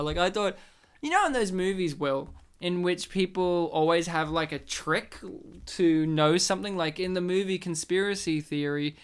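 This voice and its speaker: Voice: medium pitch, smooth. Giggly sweary commentary host. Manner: giggly, sweary, with frequent jokey put-on voices. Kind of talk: casual film commentary chat.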